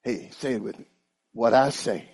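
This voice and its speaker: A man preaching a sermon in an animated style, calling on the congregation to repeat after him. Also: mid-range voice, moderate pace, breathy edge. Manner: animated, call-and-response with congregation.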